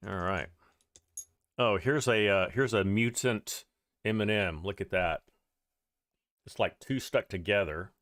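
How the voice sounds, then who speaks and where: A man's voice: lowish voice, measured pace, long pauses, fairly bright tone, no room sound, studio quality. Chatty man hosting a farming-game livestream. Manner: chatty, greets viewers by name. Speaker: livestream host. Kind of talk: casual gameplay livestream chat.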